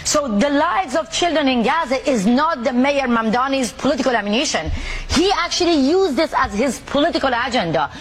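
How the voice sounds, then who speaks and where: High-voiced, forceful Iranian-born woman activist. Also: expressive, brisk, a little hiss or hum. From Middle East, Iran. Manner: forceful, indignant, emphatic. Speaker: activist, interview guest. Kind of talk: news interview.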